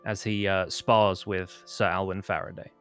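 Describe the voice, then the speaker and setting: A man's voice: low-pitched, flat delivery, moderate pace, clean tone, soft background music. A man narrating a tabletop game as game master, rambling with many fillers and restarts.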